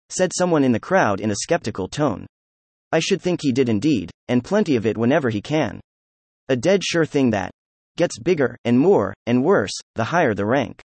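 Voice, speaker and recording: A man narrating a classic novel in an even, measured reading. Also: medium pitch, no echo. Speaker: audiobook narrator. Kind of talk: scripted narration.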